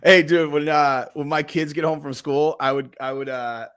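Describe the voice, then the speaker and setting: A man's voice: fairly high pitch, fairly even intonation, moderate pace, fairly bright tone, smooth. Ranting, profane male podcast host. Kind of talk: crude comedic banter.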